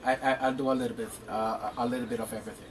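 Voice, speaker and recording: A man's voice: mid-range voice, fairly even intonation, racing, recorded from a distance, a little hiss or hum. A man from Jamaica with a Jamaican accent, giving long, earnest interview answers about his insurance work and often restarting his words. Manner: explains at length. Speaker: interview guest, insurance professional.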